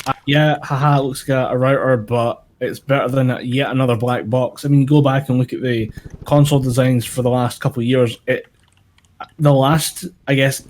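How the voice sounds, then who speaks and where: A man's voice: mid-range voice, a little mellow. Sardonic male co-host, medium voice, game noise behind. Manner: dry, sardonic humor with swearing. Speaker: podcast co-host. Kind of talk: casual chat about games and tech. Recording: gaming audio noise behind. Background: clicks and gunfire from a game.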